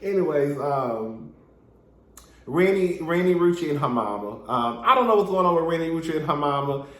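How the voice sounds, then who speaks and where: A man's voice: fairly high pitch, moderate pace. Sassy chatty man, echoey room. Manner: sassy, animated, chatty with asides to viewers. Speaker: reality TV reviewer. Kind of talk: casual recap commentary.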